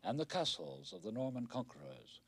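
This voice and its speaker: A middle-aged man narrating a television news report in a measured, wry documentary style. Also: medium pitch, very animated, husky.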